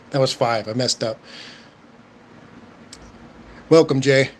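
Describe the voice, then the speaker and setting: A man's voice: mid-range voice, normal speed, a little hiss or hum. Laid-back Southern Californian man chatting live. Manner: laid-back, stammering, chuckles often. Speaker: livestream host. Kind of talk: casual livestream chat.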